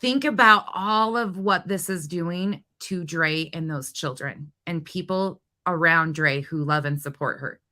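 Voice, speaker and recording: A woman's voice: fairly low pitch, unhurried, hardly any pauses, bright, forceful tone. A woman hosting a reaction commentary, ranting bluntly and indignantly with profanity and sarcastic mockery. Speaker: commentary channel host.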